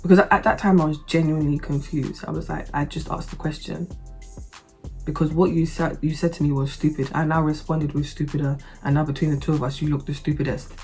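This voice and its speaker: A woman telling a story to camera in a blunt, sarcastic, expressive way. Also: low voice, brisk, faint music behind. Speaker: vlogger. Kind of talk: animated storytime monologue.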